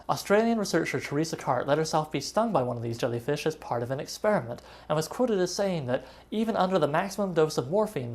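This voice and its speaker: A woman's voice: low-pitched, darkish tone. A woman hosting a web show, delivering a scripted comic monologue in a wry, sardonic way.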